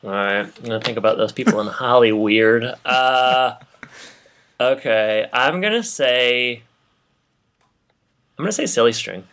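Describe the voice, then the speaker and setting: A man co-hosting a podcast in casual chat, making dry, deadpan jokes. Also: medium pitch, a little slow, pauses often. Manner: dry, joking. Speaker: podcast co-host.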